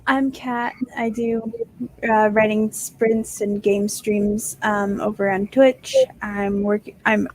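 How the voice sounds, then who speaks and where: A woman's voice: mid-range voice, level tone, slow pace, a little hiss or hum, poor audio. A woman streamer joining a livestream over a video call, talking hesitantly with many fillers. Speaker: streamer and guest. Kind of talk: casual chat on a livestream.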